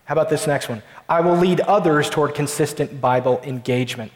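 A pastor preaching a sermon to his congregation, emphatic and slowing down to stress key lines. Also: on the high side, reverberant, big-room sound.

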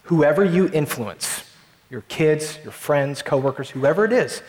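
A pastor preaching a sermon to his congregation, emphatic and slowing down to stress key lines. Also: a little high, expressive, darkish tone, echoey room, in a large hall.

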